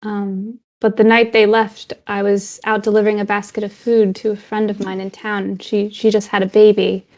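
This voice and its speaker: A woman's voice: mid-range voice, level tone, normal speed, hardly any pauses, a little mellow, close to an everyday voice. A woman voicing a cheerful, polite young farm woman who speaks with hesitant fillers.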